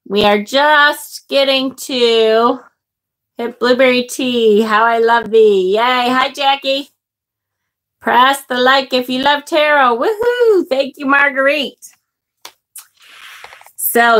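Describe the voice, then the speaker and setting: A middle-aged woman with a high, fairly bright voice hosts a live tarot stream, greeting viewers and reading their comments aloud. She gets emotional over the card pictures, gasping and exclaiming in casual live-stream chat.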